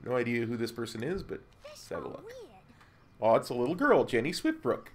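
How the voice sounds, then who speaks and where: A man's voice: medium pitch, wildly swooping pitch, fairly quick, husky. A man giving playful, jokey commentary while he streams a game. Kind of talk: casual gameplay commentary.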